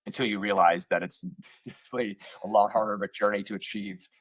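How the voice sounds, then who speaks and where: A low-voiced man with a husky grain speaks over a computer call from a room at home. He tells rambling, self-mocking stories about starting out as an actor and keeps them loose with plenty of fillers. The sound is close and dry, with no room around it. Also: fairly even intonation, fast talker, dry recording. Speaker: actor guest. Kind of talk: casual interview storytelling. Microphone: computer on video call.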